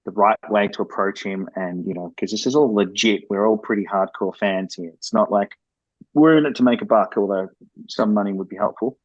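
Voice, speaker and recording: A man's voice: lowish voice, brisk, no echo, dull audio. A man who develops video games, speaking as a guest in a podcast interview and explaining things candidly and at length.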